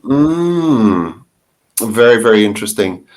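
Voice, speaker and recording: A man's voice: on the low side, very animated, slow pace. A middle-aged man from the UK answering interview questions casually, chatty and given to laughing and restarting sentences. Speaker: interview guest, marketing consultant.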